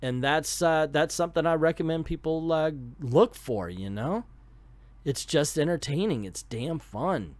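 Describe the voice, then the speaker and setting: A man's voice: on the high side, animated, unhurried, darkish tone, no echo. A middle-aged man giving a casual, blunt comic book review, full of strong opinions and mocking asides.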